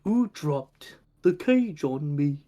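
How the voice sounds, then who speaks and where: A game master voicing a huge young dragon in a tabletop game, asking slow, plain questions. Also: medium pitch, lively intonation, warm tone. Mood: puzzled. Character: young dragon, huge, confused and mildly annoyed.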